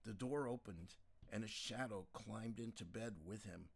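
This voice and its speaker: A man narrating a novel as an audiobook, in a calm, measured storytelling manner. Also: lowish voice, vocal fry, breathy edge.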